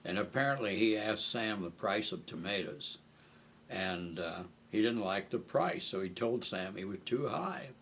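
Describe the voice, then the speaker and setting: An older man from Omaha telling stories from memory in an oral history interview, unhurried and pausing often with "uh". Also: fairly low pitch, expressive, a bit bright, a little hiss or hum. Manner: unhurried, with frequent hesitations. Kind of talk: reminiscing storytelling.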